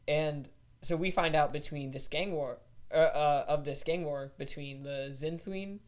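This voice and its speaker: A man's voice: fairly high pitch, unhurried. A man on a podcast, casually recounting his moves as a player in a tabletop game.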